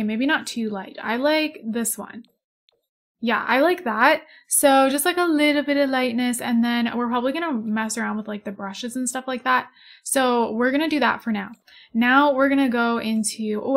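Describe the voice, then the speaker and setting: A woman's voice: fairly high pitch, normal speed, gravelly. A young woman in her twenties chatting casually over gameplay, rambling, giggling and gushing over cute animals. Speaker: gaming YouTuber. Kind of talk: casual let's-play chat.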